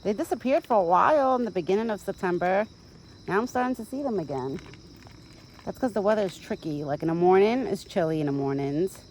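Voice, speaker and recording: A woman's voice: medium pitch, expressive, fairly quick, a little mellow, a little hiss or hum, low-quality recording. A young woman chatting casually to her phone camera outdoors in a rural yard while she feeds a deer, rambling and talking fondly to the animal. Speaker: vlogger feeding a backyard deer. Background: insects and countryside ambience.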